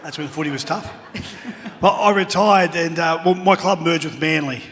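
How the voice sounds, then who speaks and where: At an awards night in a big hall, a middle-aged Australian man is the guest speaker doing after-dinner storytelling. He talks at a normal speed in a slightly high voice, spinning humorous anecdotes punctuated by acted-out shouting.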